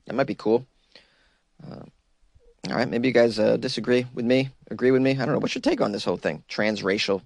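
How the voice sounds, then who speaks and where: A male podcast host riffing in a loose, joking way, often laughing and mocking what he reads out. His voice sits at an ordinary pitch and is recorded close and dry, with no room sound. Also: vocal fry, no echo. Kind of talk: casual comedic commentary.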